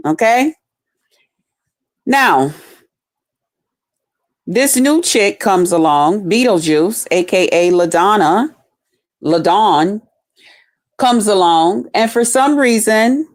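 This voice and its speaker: A woman's voice: fairly high pitch, expressive, measured pace. Profane, blunt woman ranting on a stream. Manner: profane, blunt, acts out quoted voices. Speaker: streamer responding to a rival. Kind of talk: heated storytelling rant.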